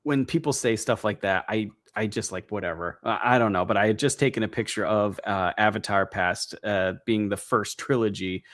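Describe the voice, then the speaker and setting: A man's voice: on the low side, normal speed, hardly any pauses, fairly bright tone. A man, co-hosting a casual podcast, easygoing and hesitant, with many ums and frequent laughs. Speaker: podcast co-host. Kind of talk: casual chat.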